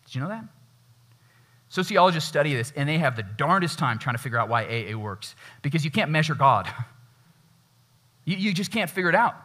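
Lively bright-voiced male pastor preaching. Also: on the high side, brisk, long pauses. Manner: conversational, acts out quoted voices. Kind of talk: sermon. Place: church.

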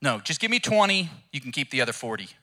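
A man's voice: mid-range voice, big pitch swings, fast talker, sharp tone. A man voicing a cow that balks at a lifetime of hard work, indignant and bargaining.

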